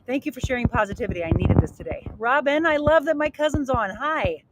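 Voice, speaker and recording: A woman's voice: sits high, animated, fast. A woman fitness coach and host, slightly out of breath, energetically demonstrating a workout outdoors by a pool and encouraging viewers while reading their comments. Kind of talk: live workout demo and motivational talk. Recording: loud background noise with clicks.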